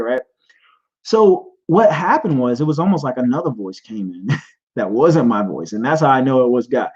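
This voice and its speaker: A man's voice: medium pitch, darkish tone. A man hosting a podcast and sharing a personal testimony, earnest and rambling, often restarting his sentences. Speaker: podcast host. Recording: dull lo-fi sound.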